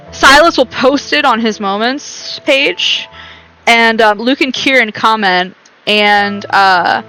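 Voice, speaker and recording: A woman's voice: a little high, sharp tone, poor audio. A woman live streaming from her home computer, chatting casually with her viewers in a bubbly, giggly, self-deprecating way.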